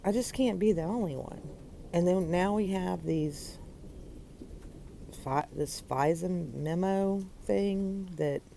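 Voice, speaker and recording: A woman's voice: deep voice, gravelly, mellow, slight background noise. A woman delivering an exasperated, sarcastic opinion monologue for her podcast.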